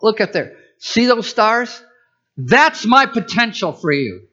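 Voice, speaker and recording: A man's voice: sits high, sing-song, slow pace, bright, forceful tone, muffled recording, voice pushed up, heavily acted. A man voicing God as a patient, encouraging male figure, coaxing and pointing things out.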